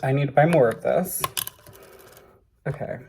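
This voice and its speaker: A man's voice: a little high, measured pace, noisy background. A man hosting a casual home cooking vlog in his kitchen, rambling with lots of fillers, swearing and joking at his own expense. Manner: rambling, self-deprecating, swears freely. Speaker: cooking show host.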